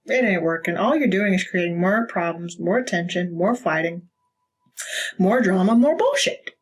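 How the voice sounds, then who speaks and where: A woman's voice: fairly low pitch, sing-song, normal speed, husky, rough recording. A woman giving a casual tarot reading, blunt and profane, laughing often. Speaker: tarot reader.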